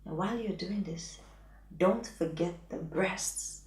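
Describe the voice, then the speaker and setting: Speaking to camera in an advice vlog, a woman coaches viewers on intimacy frankly and playfully, often slipping into a whisper. Her voice is fairly low and darkish, and she takes her time; the room is echoey and she sounds distant from the mic.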